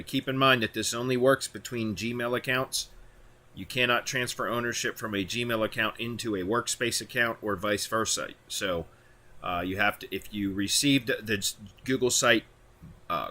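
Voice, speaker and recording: A man talking through a software tutorial step by step in plain instructions, with occasional fillers. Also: fairly low pitch. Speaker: tutorial host. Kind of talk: screen-recorded software tutorial.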